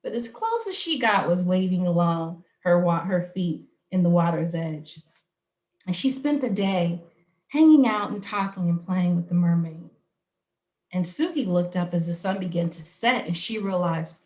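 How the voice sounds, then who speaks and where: A woman from Arizona telling a story at a live online storytelling event, slow, expressive and rhythmic. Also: on the low side, roomy sound. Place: home, online stream.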